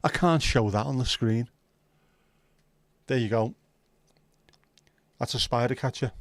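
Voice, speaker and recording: A man's voice: mid-range voice, a little slow, pauses often, dry recording. Sweary, chatty man livestreaming. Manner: chatty, sweary, reads out viewer comments. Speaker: livestream host. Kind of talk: casual livestream chat. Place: at home, window nearby.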